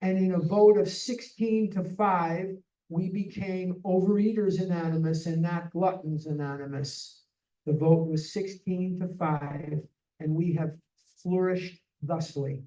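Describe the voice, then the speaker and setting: A speaker at a recovery retreat, telling a group an unhurried story of their fellowship's early history. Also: medium pitch, steady tone, dark tone. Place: meeting room at a retreat. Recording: echoey room, distant dull mic.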